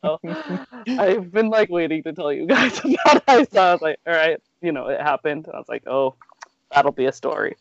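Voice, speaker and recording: A woman's voice: on the low side, sing-song, brisk, no room sound. A woman in her thirties telling a story in casual chat, talkative and laughing through her words with lots of "like". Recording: dull lo-fi dry recording.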